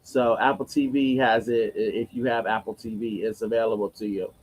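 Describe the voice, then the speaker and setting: A man's voice: lowish voice, fairly even intonation, a little fast, a little mellow, slight background noise, poor audio. Playful, opinionated male co-host. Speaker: co-host, executive producer. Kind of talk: casual live-stream chat.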